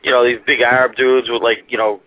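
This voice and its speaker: A man's voice: medium pitch, level tone, a little fast, no echo. A young man telling a rambling, profane story about a trip as a guest on a talk show, laughing at his own tale. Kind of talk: casual storytelling. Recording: muffled dry internet radio.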